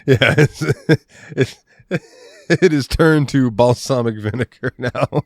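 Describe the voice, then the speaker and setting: A man's voice: mid-range voice, slow, vocal fry, no room sound, clean studio sound. A man co-hosting a podcast, chatting about a movie in a laid-back, enthusiastic way and swearing freely. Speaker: podcast co-host. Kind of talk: casual movie review chat.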